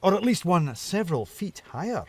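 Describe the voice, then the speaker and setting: A man's voice: high voice, big pitch swings, normal speed, slightly rough, dry recording, voice pushed up, heavily acted. A man voicing a whimsical fox who talks in playful, meandering turns. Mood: musing. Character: whimsical, rambling old male fox poet.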